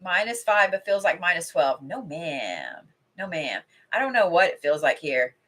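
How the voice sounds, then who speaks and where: Chatty woman with a bright voice. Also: lowish voice, sing-song, moderate pace. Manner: chatty, rambling, swears casually. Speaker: intuitive card reader. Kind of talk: casual livestream chat with card reading. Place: home.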